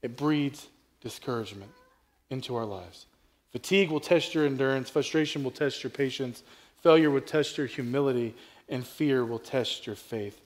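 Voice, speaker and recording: A man preaching a sermon in a casual, conversational way, asking the congregation questions and rising from quiet asides to loud, emphatic peaks. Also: medium pitch, moderate pace. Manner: repeats and restarts phrases, asks the crowd questions. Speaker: pastor.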